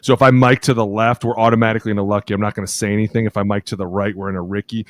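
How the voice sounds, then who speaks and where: Lively low-voiced man telling football stories. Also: rapid-fire, slight background noise. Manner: animated storyteller acting out teammates' calls in loud high voices; swears freely. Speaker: podcast co-host, former offensive lineman. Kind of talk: casual podcast chat.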